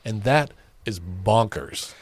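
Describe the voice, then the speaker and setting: A man's voice: on the low side, no echo. A man co-hosting a casual political podcast, reacting with disbelief and making his points with everyday examples. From Oklahoma. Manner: incredulous, lively, quick to exclaim. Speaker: podcast co-host.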